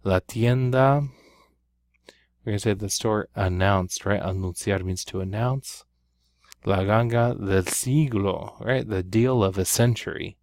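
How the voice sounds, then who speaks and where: Slow, gravelly-voiced male Spanish teacher. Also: on the low side, darkish tone, dry recording, studio quality. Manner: patient, explains step by step, often checks with "right?". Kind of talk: recorded classroom lesson.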